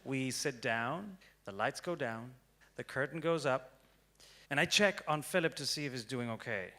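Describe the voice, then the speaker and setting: A young man giving a prepared storytelling talk on stage, dramatic and swinging from hushed to loud. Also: mid-range voice, lively intonation, moderate pace. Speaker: speaker. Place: stage before an audience.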